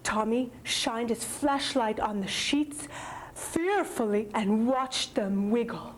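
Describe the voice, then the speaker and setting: A woman storyteller reading a children's tale slowly and expressively. Her voice sits high, and at times she drops into a hushed whisper. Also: a little hiss or hum, low-quality recording. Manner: slow and expressive, dropping to whispers.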